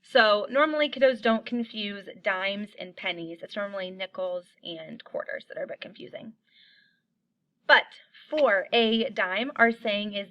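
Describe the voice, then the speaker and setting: A woman teaching coins to young children in an online lesson, upbeat and encouraging, chanting little rhymes slowly for them to repeat. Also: medium pitch, highs cut off.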